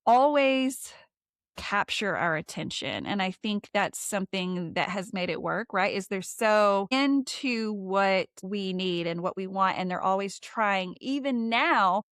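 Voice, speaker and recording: A woman hosting a podcast in a relaxed, effusive way, often doubling her words for emphasis. Her voice sits in a middle register and sounds close and dry, with no room around it. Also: mid-range voice, a little slow, smooth, no room sound. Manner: warm, effusive, repeats phrases for emphasis. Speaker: podcast host. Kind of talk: casual interview chat.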